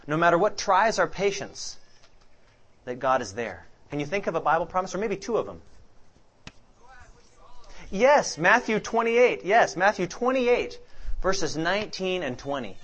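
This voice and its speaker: A man's voice: a little high, big pitch swings, normal speed, long pauses, a bit bright. A man preaching a sermon, asking the congregation questions, then answering them himself as he reads scripture aloud. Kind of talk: interactive sermon.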